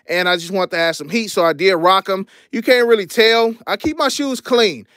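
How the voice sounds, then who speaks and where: High-voiced young man, slangy livestream chatter. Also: normal speed, dry recording, clean studio sound. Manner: laid-back slangy chatter, shouting out donors. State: out of breath. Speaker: sneaker channel host. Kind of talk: casual livestream show-and-tell.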